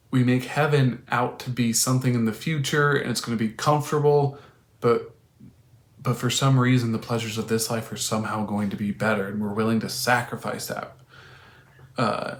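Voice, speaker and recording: An earnest man talks through a spiritual lesson in a loose, rambling way, often restarting his sentences. His voice sits at a middle pitch. The recording has a noticeably roomy echo. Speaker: podcast co-host. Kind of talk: faith reflection, casual storytelling.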